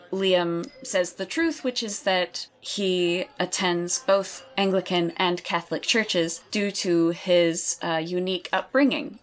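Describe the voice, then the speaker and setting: Woman narrating as game master. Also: fairly low pitch. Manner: measured, descriptive.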